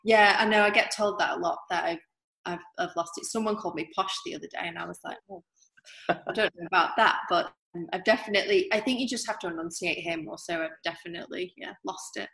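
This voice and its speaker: Chatty woman with a softened northern English accent. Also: fairly low pitch, fast, vocal fry. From northern England. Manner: chatty, many fillers and restarts. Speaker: artist guest. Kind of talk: casual interview chat. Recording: roomy echo.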